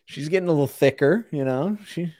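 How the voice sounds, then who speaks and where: A man's voice: on the high side, fairly quick, warm tone, no echo, clean studio sound. A man co-hosting a podcast in casual chat, easygoing and joking. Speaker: podcast co-host.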